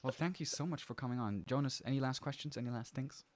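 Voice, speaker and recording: A man hosting an esports broadcast who interviews a player and wraps up the show in an upbeat, animated way. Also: medium pitch, dry recording. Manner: upbeat, animated, quick to praise. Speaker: esports caster and interview host.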